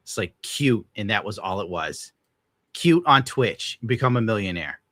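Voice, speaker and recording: Man, young adult, streamer, bitter crude rant, bright forceful voice, dry close sound. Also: on the low side, animated, unhurried, no echo. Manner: bitter, crude, heavy swearing. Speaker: streamer reacting to clips. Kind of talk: casual ranting commentary.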